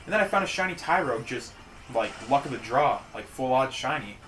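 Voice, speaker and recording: A man's voice: medium pitch, lively intonation, brisk, fairly bright tone, soft background music, rough recording. A man casually chatting and joking while streaming a game, rambling and poking fun at himself. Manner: joking, rambling, self-mocking. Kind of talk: casual gaming stream chat.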